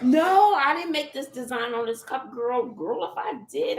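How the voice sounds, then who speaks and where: Middle-aged woman, vlog host, lively sing-song chatter, roomy echo. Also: high-pitched, measured pace. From Texas. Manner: chatty, laughs often, calls viewers honey and child. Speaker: channel host doing a live chat. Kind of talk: casual livestream chat. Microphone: phone or computer.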